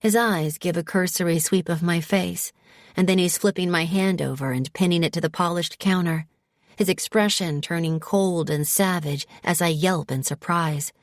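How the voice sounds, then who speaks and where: A woman narrating a first-person romance audiobook in a calm, soft, measured way. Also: on the low side, no echo, studio quality.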